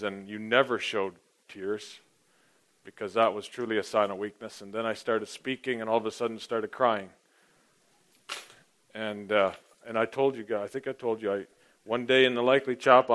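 A man's voice: fairly low pitch, fairly bright tone. A middle-aged man, a pastor, praying and then preaching a sermon in an earnest, personal storytelling way. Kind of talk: sermon with opening prayer.

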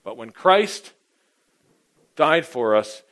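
A middle-aged man preaches, giving a personal testimony as a sermon. He drops almost to a murmur, then rises to loud, emphatic declarations. His voice sits at a medium pitch. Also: normal speed. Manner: personal testimony, dynamic, swings from hushed to loud. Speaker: pastor.

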